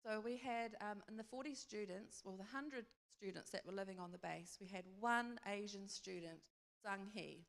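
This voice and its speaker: A woman's voice: moderate pace, gravelly. A woman giving a conversational church talk, telling a personal story and acting out bits of dialogue. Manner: storytelling, acts out dialogue in a higher voice. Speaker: speaker sharing a testimony. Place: church hall. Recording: long hall reverb.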